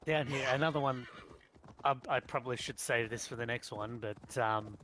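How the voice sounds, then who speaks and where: A man's voice: mid-range voice, moderate pace, pushed and bright, slight background noise. A man with an Australian accent, co-hosting a casual podcast chat and explaining slang. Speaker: podcast co-host.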